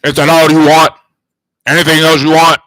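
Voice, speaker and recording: A man doing a booming drive-thru manager. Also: little pitch movement, moderate pace, no room sound. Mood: yelling cheerfully. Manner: yelling, loud and overbearing. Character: booming male fast-food manager yelling into drive-thru intercom.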